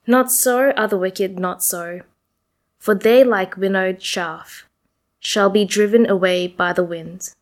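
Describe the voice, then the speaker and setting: A woman serving as lector at Mass, reading the psalm verses and the Gospel acclamation in a measured way. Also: medium pitch, steady tone. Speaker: lector and cantor. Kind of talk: reading and leading the responsorial psalm.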